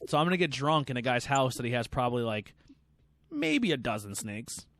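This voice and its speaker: A man hosts a casual beer podcast at an ordinary pitch, swearing often as he rambles through stories. His voice sounds dry and close, with little room sound. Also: big pitch swings, brisk, fairly bright tone, no echo. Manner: profane, rambling storyteller. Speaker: podcast host. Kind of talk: casual chat.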